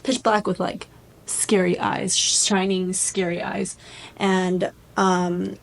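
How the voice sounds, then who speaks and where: A woman's voice: medium pitch, slow, creaky, low-quality recording. Rambling woman vlogger retelling a story. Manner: rambling, lots of "like", animated. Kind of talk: casual plot retelling.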